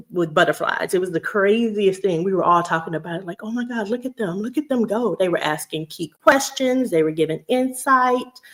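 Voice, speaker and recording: Woman, casual vlog chat, middle pitch, laughs often, talks to viewers. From Houston, Texas. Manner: chatty, laughs often, talks straight to her audience. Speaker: vlogger.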